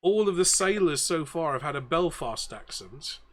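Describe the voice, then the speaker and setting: A man's voice: fairly high pitch, lively intonation, normal speed. A man talking as game master, chatting casually out of game and explaining things in a rambling way.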